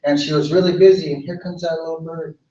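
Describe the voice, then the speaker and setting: A man, a cultural director, telling a traditional story in a relaxed way, repeating phrases. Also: on the high side, quick pace. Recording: echoey room, far mic, dull.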